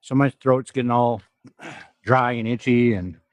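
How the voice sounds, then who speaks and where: A little slow and steady in tone, this young man's mid-range voice sounds nasal because of a stuffy nose. The South Dakota fitness vlogger livestreams from an indoor gym, rambling, cursing and laughing often, in a dry recording.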